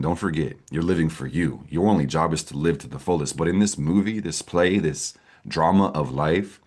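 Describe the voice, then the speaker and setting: A man with a deep, low-pitched voice runs an astrology vlog in a casual, unscripted way. He is brash and slangy, curses often, and keeps hyping up his audience. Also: darkish tone, husky. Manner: brash, profane, slangy and hyped. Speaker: astrology content creator.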